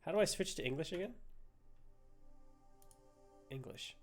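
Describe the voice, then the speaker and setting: A man's voice: sits high, expressive, measured pace, faint music behind. A man streaming a game live, commenting playfully and laughing as he jokes with his audience. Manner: playful, laughing, joking with chat.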